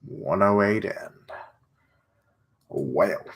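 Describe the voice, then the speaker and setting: A man's voice: low voice, extremely slow, breathy edge. A man streaming his reading of a comic, giving chatty commentary and muttering asides as he goes. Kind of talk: casual reading reaction.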